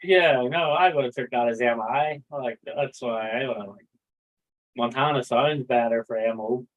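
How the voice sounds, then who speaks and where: A man's voice: medium pitch, moderate pace. Male stream host, loose rambling talk full of swearing, reads chat aloud; tinny phone-like audio. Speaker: livestream host. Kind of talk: casual livestream chat.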